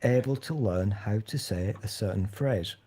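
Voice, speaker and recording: Man with a mellow voice on a call. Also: on the low side, measured pace, breathy edge. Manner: playful, trying out a New York accent. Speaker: video call participant. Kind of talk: casual chat. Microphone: video call.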